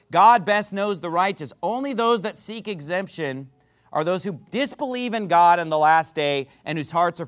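A male pastor preaching a fiery, impassioned sermon that rises to shouts. He says himself that he is getting worked up. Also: on the high side.

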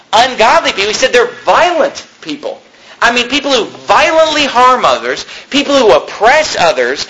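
A man preaching a sermon, reading scripture in a slow, solemn tone and then retelling it in everyday words. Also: very high-pitched, pushed and bright, a little hiss or hum, rough recording.

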